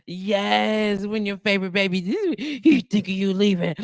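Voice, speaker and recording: A woman hosts a live radio show in a loose, unhurried chat. She laughs often and slips into cooing baby talk for her dog. Her voice sits mid-pitch and sounds close and dry, with no room around it. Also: vocal fry, no echo.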